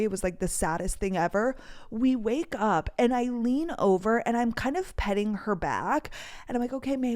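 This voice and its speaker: A young woman in her twenties hosting a podcast, telling a story in a casual, chatty way with many fillers. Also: medium pitch. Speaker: podcast host.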